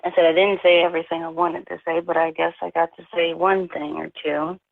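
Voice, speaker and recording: A person on the show's phone line, hesitant and halting, often restarting words. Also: mid-range voice, flat delivery, creaky, no echo. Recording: phone-like narrow line, dry.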